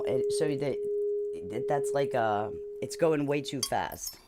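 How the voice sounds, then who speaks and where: Low-voiced woman leading a sound-healing stream. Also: lively intonation, a little slow. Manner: gentle guiding instructions, loose chatty explanations. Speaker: sound therapist. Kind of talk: live sound-healing session. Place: home streaming setup. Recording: loud hum of singing bowls and tones.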